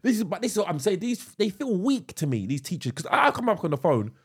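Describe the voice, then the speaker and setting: A man's voice: sits high, fast, husky. A middle-aged man co-hosting a podcast, chatting casually and acting out the people in his stories. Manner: animated storyteller, acts out voices. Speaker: podcast co-host. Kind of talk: casual chat.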